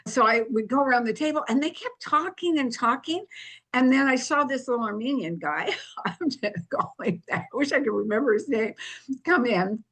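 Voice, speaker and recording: An older woman, a guest on an interview show, telling her story in a lively, anecdotal way. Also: on the high side, normal speed.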